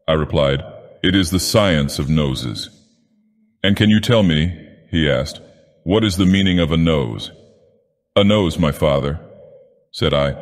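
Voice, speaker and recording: An ancient, godlike villain, put on by a man, reads a storybook tale in a slow, grand, theatrical way. His voice sits very low and rumbles, and every word trails into a long cavernous reverb. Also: close to an everyday voice. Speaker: narrator. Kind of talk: dramatic storybook narration.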